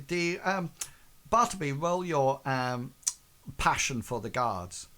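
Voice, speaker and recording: Bright-voiced man running a tabletop game. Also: fairly high pitch, expressive. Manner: hesitant, many fillers, puts on quick voices for townsfolk. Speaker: game master.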